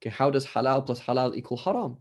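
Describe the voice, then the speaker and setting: Over a video call, an Islamic scholar with a British accent lectures his class in a fast, medium-pitched voice with a darkish tone. He stays conversational throughout, repeatedly asking "right?" and performing brief dialogues.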